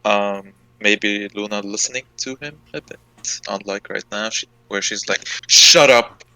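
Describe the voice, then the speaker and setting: Man, fairly low pitch, very bright timbre, halting, casual. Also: fairly even intonation, clean tone, rough recording. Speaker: player. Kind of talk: post-session recap chat.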